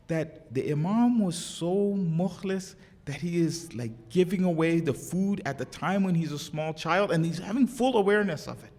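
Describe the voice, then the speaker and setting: A man giving a religious sermon, telling stories with passion and acting out the quoted speech. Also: fairly high pitch. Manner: impassioned storytelling, acts out quoted speech. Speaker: sheikh giving a religious lecture. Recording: long hall reverb.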